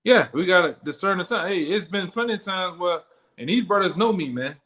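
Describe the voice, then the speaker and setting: Male Bible teacher, higher voice, streetwise and profane, keeps checking in with listeners. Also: lively intonation, fairly quick, a bit bright. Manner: blunt and profane, punctuates lines with "man" and "all right?". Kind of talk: street-style scripture teaching.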